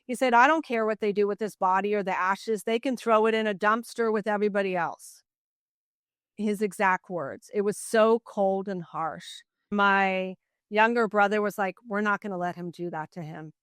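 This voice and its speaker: A middle-aged woman, a guest on an interview podcast, telling her story in an earnest, animated way with frequent "you know"s. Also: medium pitch, normal speed, clean tone, dry recording, studio quality.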